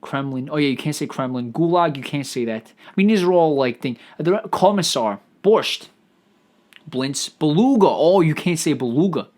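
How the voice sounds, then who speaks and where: A man hosting a solo comedic podcast, riffing out loud in a profane, stammering ramble. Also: a little high, lively intonation, moderate pace. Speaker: podcast host.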